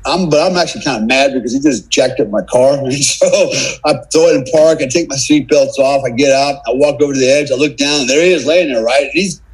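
A middle-aged American podcast guest recounts a casual anecdote with plenty of swearing, repeatedly dropping in "man" and "right?". He talks fast at a medium pitch with a breathy edge, on a low-quality recording.

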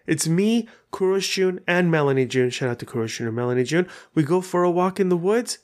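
Animated, swearing man talking casually. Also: high voice, fairly quick. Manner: animated, profane storytelling. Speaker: podcast host. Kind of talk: casual monologue.

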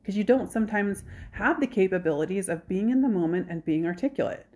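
A woman hosting a podcast in casual chat, animated, acting out quoted dialogue. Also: medium pitch, fast. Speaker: podcast host.

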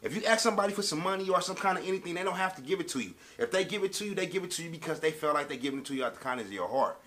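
Man, vlogger, casual rant, street slang, emphatic, voice jumping high and low. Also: animated, rapid-fire, fairly bright tone. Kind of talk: casual storytelling rant to camera.

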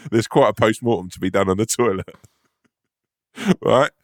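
A man's voice: lowish voice, no room sound, clean studio sound. A man co-hosting a podcast, telling a sweary, laughing anecdote in casual chat. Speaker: podcast co-host. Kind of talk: casual storytelling.

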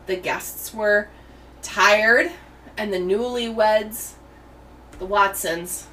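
A woman's voice: mid-range voice, fairly bright tone, far from the mic, a little hiss or hum, low-quality recording. An American woman hosting a true crime podcast, telling the story in a chatty way with tangents. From United States. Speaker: podcast host.

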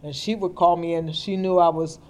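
A woman's voice: fairly low pitch, fairly even intonation, fairly quick, darkish tone. Earnest plainspoken middle-aged woman. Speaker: guest. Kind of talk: personal storytelling in conversation. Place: indoor interview. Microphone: podcast mic.

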